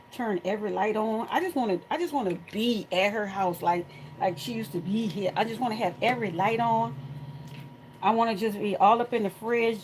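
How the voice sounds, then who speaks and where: A middle-aged woman hosting a crafting tutorial from home, chatting casually and telling animated stories to her viewers while she works. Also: medium pitch, slight background noise, low-quality recording.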